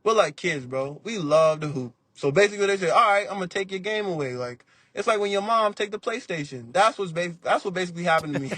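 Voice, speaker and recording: Animated young man, slightly high voice. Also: fast, hardly any pauses. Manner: animated storytelling, acts out quotes; laid-back slang. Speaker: podcast guest, basketball player. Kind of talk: casual interview talk.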